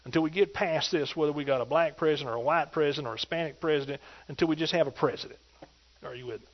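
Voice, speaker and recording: A man delivers a sermon in a high, ringing voice, pressing each point with emphatic, call-and-response energy toward his congregation. The recording is dull and lo-fi, with muffled treble. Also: very fast. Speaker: preacher.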